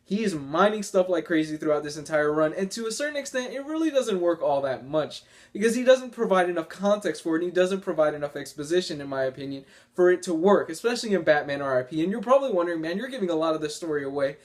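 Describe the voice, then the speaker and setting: A man's voice: sits high, expressive, quick pace. A man reviewing comic books in a casual, enthusiastic and rambling way, often laughing as he talks.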